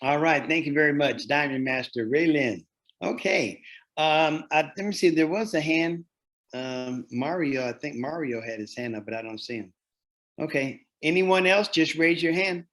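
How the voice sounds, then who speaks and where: A man's voice: fairly high pitch, moderate pace, a bit bright. Friendly man hosting an online meeting. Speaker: meeting host.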